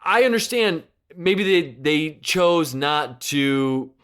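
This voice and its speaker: A male podcast co-host in relaxed, casual talk. His voice is a little high and his pace is unhurried. He argues his points emphatically and sometimes mimics others. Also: smooth. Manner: emphatic opinions with imitated quotes. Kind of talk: casual chat.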